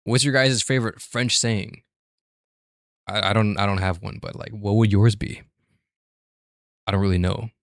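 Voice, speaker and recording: A man's voice: lowish voice, fairly even intonation, moderate pace, gravelly, long pauses, dry recording, clean studio sound. A man streaming live, reading a game story and chatting casually with his viewers, joking and swearing as he repeats words aloud.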